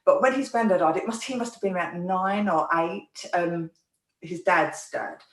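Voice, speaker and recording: A woman, a therapist telling a personal story in an earnest, soft-spoken way, often restarting her sentences. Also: lowish voice, normal speed. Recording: roomy echo, mic at a distance.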